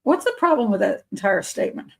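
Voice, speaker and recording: A woman's voice: mid-range voice, very animated, fast, creaky, rough recording. A woman hosting a live show as a criminal profiler, reading news aloud with skeptical, muttered asides and self-corrections.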